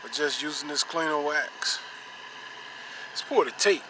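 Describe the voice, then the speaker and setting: A man's voice: fairly high pitch, measured pace. Casual man demoing car wax. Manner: repetitive, pointing things out. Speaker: car detailing channel host. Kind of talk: casual how-to demonstration. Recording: noisy ambience, vehicle sounds.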